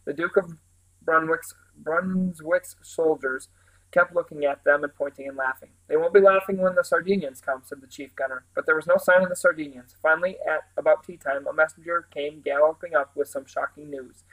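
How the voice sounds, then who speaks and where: Man, storybook reader, steady, animated, fairly high voice. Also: normal speed, poor audio. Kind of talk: storybook reading aloud.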